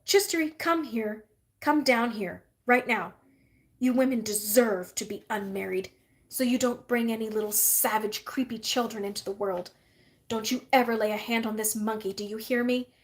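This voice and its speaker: A woman voicing a fierce, scornful adult witch who scolds in a sharp, biting way. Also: a little high, fairly even intonation, normal speed, close to an everyday voice. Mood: scolding.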